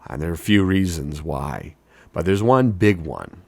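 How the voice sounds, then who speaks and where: Deep-voiced man, mock-boastful vlogger. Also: expressive, normal speed, gravelly, breathy edge, dry recording. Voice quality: deep announcer voice. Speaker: wedding DJ and hobby voice actor. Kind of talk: casual self-mocking vlog talk.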